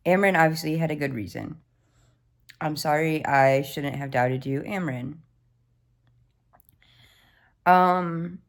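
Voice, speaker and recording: Woman in her 20s, deep low register, casual book vlogger, gushing and profane. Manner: excitable, swears freely, gushing reactions. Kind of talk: casual reading vlog updates.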